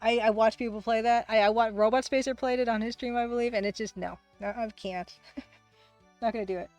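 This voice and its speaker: A woman hosting a casual livestream, who talks fast, rambles through chat replies, laughs often and pokes fun at herself. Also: a little high, steady tone, darkish tone, faint music behind. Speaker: livestream host and game artist.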